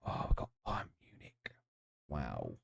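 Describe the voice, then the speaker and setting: A man's voice: very deep voice, wildly swooping pitch, takes it slowly, creaky, slightly rough, no echo, studio quality. A man, chatting casually and joking with viewers while streaming a football management game. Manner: chatty, jokey, reacts to chat and the match. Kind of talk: casual live-stream commentary.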